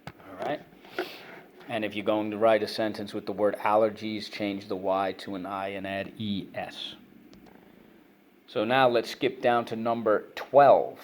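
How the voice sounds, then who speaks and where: In this online reading lesson, a man teaches children phonics and vocabulary, repeating words in quick drills and praising correct answers. His voice is fairly low in pitch and steady in tone, and his manner is brisk as he prompts his young listeners.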